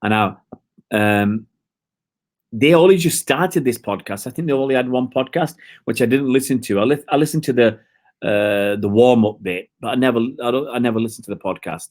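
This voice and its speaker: A man hosts a live stream, rambling and hesitant, his casual commentary full of fillers as he talks to his viewers. His voice is medium-pitched at a moderate pace.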